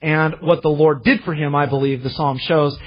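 A male pastor preaching a sermon, impassioned and slowing down to stress the scripture he reads, heard in a church. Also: fairly high pitch, steady tone, husky, dull audio. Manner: impassioned, slows to emphasize scripture.

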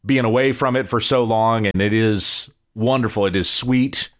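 A man's voice: lowish voice, moderate pace. A man from the Southern United States, a pastor hosting a listener-questions podcast in an easygoing, teaching-meets-banter manner. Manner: easygoing, chuckles often, shifts from teaching to banter. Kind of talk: relaxed Q&A podcast chat.

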